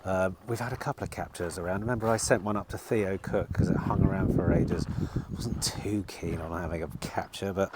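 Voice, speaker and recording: A man's voice: sits low, steady tone, fairly quick, few pauses, very noisy. A middle-aged man, a used car dealer, chatting casually and rambling to camera, swearing now and then. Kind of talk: casual vlog chat to camera. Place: outdoors in bright sun at a car lot.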